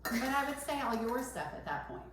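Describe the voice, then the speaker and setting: A woman's voice: fairly high pitch, very animated, a little fast. Woman co-host, casual teasing banter; echoey room with faint background noise. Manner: laughs often, teasing. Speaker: podcast co-host, dentist. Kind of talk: casual chat.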